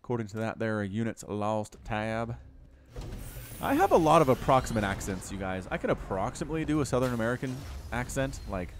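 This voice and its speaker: A young man casting a strategy game, chatty and animated, jumping up sharply when the action heats up. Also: mid-range voice, brisk, slight background noise. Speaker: game caster. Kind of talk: game commentary.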